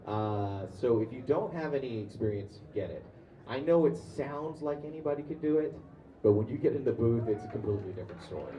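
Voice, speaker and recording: A man's voice: medium pitch, expressive, fairly quick, muffled recording, slight background noise. A man on a convention panel casually telling stories to an audience, with frequent fillers and restarts. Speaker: convention panelist, comics artist and voice actor. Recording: echoey room, far-off mic.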